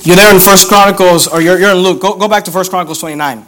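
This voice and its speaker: A man preaching a sermon as pastor, reading scripture aloud and driving points home by repeating key phrases and stretching verses out slowly. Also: high voice, fairly bright tone.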